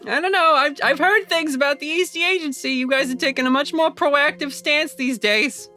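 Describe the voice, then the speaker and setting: A man voicing a nervous, shady small-time crook who talks fast and pleads. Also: extremely high pitch, sharp tone, faint music behind, voice pushed up, exaggerated voice.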